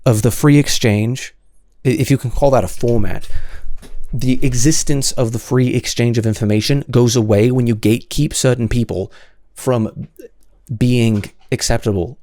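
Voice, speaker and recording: Exasperated man ranting, dark dry voice. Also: medium pitch, steady tone, moderate pace, no room sound. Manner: exasperated, sarcastic, stammering restarts. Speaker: commentary host reading and answering comments. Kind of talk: heated solo commentary.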